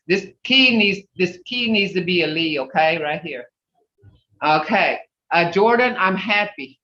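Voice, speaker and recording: A woman's voice: lowish voice, lively intonation, measured pace, sharp tone. A woman teaching an online language class over a video call, patiently calling on students one by one and coaching them through each phrase. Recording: roomy, distant, dull video call audio.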